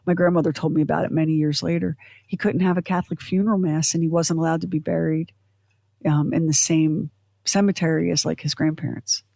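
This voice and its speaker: A woman co-hosting a podcast, in chatty, animated casual talk full of fillers and asides. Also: deep voice, a little fast, vocal fry, no echo, studio quality. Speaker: podcast co-host. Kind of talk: casual chat.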